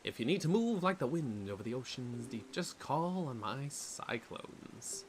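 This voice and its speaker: A man's voice: medium pitch, sing-song, unhurried. Man doing a cheerful boastful wind spirit. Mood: playful. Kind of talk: reading game dialogue aloud in character.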